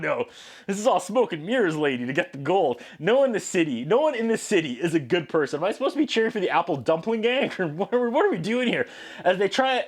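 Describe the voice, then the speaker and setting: Casting note: 30s male comedy reviewer, high voice, lively and sarcastic, throws himself into the characters' lines. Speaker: host of a movie review show. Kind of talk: comedic one-take movie review.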